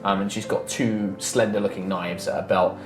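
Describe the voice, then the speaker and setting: A man's voice: fairly low pitch, fairly even intonation, normal speed. A man, running a tabletop game as dungeon master in loose, chatty narration full of fillers. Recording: echoey room with faint music.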